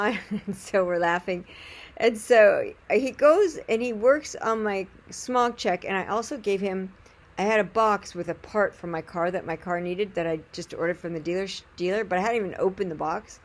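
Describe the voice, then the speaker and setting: A woman telling a personal story in an animated, chatty way with frequent laughter. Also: mid-range voice, moderate pace. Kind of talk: casual storytelling monologue.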